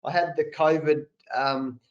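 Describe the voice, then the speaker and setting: A man in his fifties with an Australian accent and a sore throat, telling lively anecdotes full of slang as a guest on a video call. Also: fairly high pitch, unhurried, dull audio. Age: 50s. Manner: animated anecdotes with colloquial slang. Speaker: guest, national cricket coach. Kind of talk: conversational storytelling.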